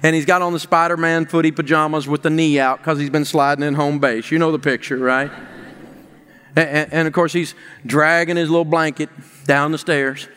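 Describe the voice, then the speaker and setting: A man's voice: on the high side, little pitch movement, moderate pace, fairly bright tone, clear, resonant tone. A middle-aged male pastor giving a sermon, telling a personal story that builds into emphatic preaching. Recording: long reverb of a large hall.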